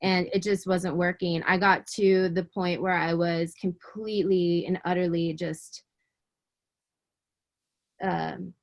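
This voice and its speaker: A woman guest in an interview giving a personal faith testimony. She speaks with emotion and earnestness, often halting, repeating words and restarting her sentences. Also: fairly low pitch, level tone, vocal fry, muffled recording. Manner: fervent and earnest.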